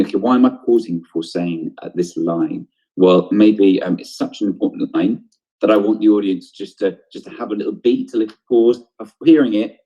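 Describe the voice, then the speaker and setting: A man's voice: fairly low pitch, warm tone, slightly rough, highs cut off. A man teaching an online drama lesson, explaining ideas step by step, asking questions and then answering them, with frequent ums.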